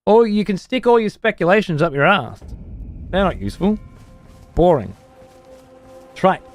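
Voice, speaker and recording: Animated, foul-mouthed male game streamer. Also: high-pitched, normal speed, no echo, faint music behind. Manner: profane, ranting at chat. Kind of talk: live gameplay commentary.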